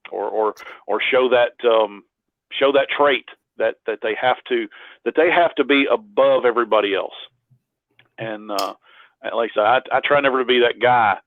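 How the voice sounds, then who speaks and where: Brief: male guest, medium-pitched, rambling stories full of restarts, thin phone-like sound with no room echo. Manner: rambling anecdotes with frequent restarts. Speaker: interview guest, cosplayer. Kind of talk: casual interview storytelling.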